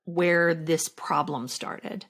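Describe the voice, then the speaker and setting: A middle-aged actress talking slowly and reflectively as a podcast guest, with halting restarts. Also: female voice, low-pitched, fairly bright tone. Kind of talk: emotional interview conversation.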